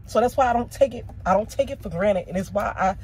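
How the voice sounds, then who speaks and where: A woman's voice: medium pitch, fast talker, a little mellow, slightly rough. A woman vlogger casually telling a personal story to her viewers, candid and emotional, with slangy asides.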